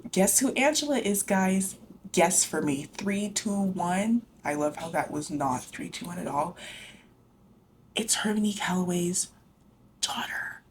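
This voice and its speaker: Low-voiced woman, casual slangy book vlogger, swears freely. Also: a little hiss or hum. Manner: chatty, slangy, lots of "like" and "you know", swears freely.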